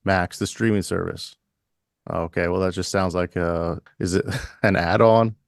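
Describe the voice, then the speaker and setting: A man co-hosting a podcast, chatting casually and riffing in a deadpan mock-announcer manner. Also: low voice, a little slow, gravelly, no room sound, clean studio sound. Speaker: podcast co-host.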